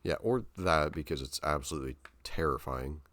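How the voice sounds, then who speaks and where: Very deep-voiced young man rambling casually. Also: expressive, brisk, fairly bright tone, no echo. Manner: rambling, filler-heavy storytelling with casual slang. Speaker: podcast co-host. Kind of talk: casual podcast chat.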